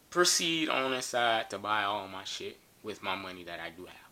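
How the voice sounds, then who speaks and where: A man's voice: on the low side, very animated, normal speed, sharp tone. A man telling a funny story in a casual, joking and profane way.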